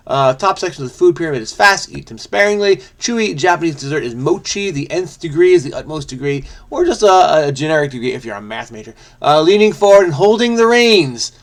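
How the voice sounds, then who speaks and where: Brief: frenetic man, slightly high voice, solo crossword solving, muttered asides. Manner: frenetic, chatty, muttering guesses and self-corrections. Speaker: crossword solver host. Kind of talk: thinking aloud while solving a crossword.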